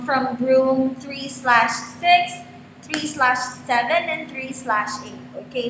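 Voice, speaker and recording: A woman teacher with a high, bright voice takes her time greeting students one by one at the start of an online class. The sound is roomy, with a long reverb tail and a faint hum behind her. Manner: slow, friendly greetings calling out student names. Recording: echoey room with long reverb.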